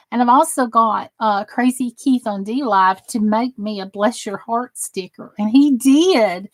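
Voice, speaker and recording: A middle-aged woman with a Southern American accent, casually chatting and joking with viewers during a crafting livestream. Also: a little high. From Southern United States. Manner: chatty and joking, reading out and answering viewer comments. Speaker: crafting channel host on a livestream.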